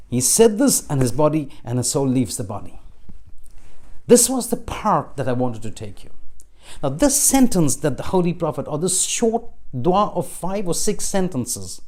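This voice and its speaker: A man giving a sermon in a mosque, telling a story and taking on the voices of its people, slowing down to recite prayers. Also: a little high, big pitch swings, darkish tone. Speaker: preacher.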